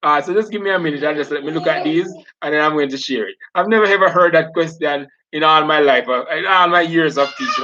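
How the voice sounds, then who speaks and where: Guy teaching an online class, kinda high bright voice, chatty, calls on students, dull lo-fi sound. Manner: chatty, addresses students by name, laughs often. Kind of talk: live online class lecture.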